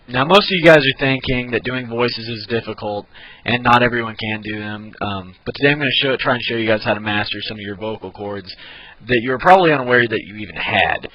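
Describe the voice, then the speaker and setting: A man giving a casual video lesson on cartoon voices, relaxed and full of ums and uhs. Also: lowish voice, no room sound, dull audio. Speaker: voice impression tutor.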